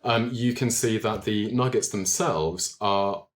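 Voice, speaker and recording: A man narrating a tabletop game as game master, measured and full of ums. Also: fairly low pitch.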